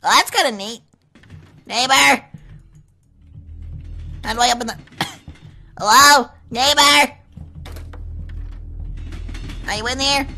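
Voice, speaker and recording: High bright young woman gamer. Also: fairly quick, long pauses, low-quality recording. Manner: jumpy, easily startled, shrieks when scared. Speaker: gaming channel host. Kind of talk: let's play commentary. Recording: faint game music behind. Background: game music.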